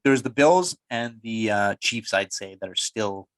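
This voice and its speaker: A man's voice: on the low side, lively intonation, measured pace, no room sound. Dude cohost ribbing his buddy, keeps asking who's playing who, dry close sound. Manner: quizzing, teasing, asks lots of questions. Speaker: podcast co-host. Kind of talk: casual sports chat.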